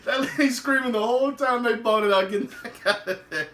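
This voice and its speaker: Animated, bright-voiced male recap host. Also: extremely high pitch, quick pace, a little hiss or hum. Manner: animated, laughs often, acts out quotes. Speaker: podcast host. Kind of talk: casual TV episode recap. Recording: roomy, distant mic.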